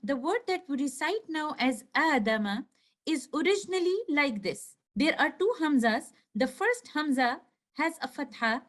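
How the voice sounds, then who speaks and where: A woman teaching a recorded lesson over slides, explaining slowly and clearly and stretching out each example word. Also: high-pitched, lively intonation, fairly bright tone. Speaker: tajweed teacher.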